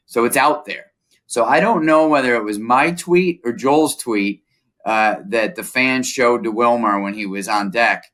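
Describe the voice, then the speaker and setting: A man's voice: medium pitch, a bit bright. Conversational man recounting events in detail. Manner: conversational, explains in detail, frequent "uh" restarts. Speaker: baseball reporter and analyst. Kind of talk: casual storytelling conversation.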